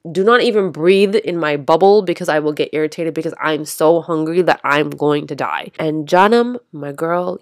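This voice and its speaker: Young canadian woman on a podcast, low-ish voice, swears a lot, super expressive. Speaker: podcast co-host. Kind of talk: casual chat.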